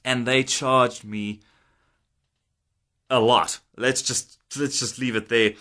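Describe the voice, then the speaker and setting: A man's voice: mid-range voice, fairly even intonation, takes it slowly, pushed and bright. A man in his thirties, a guitar technician, casually telling a story to camera. He is chatty, laughs often and acts out old conversations.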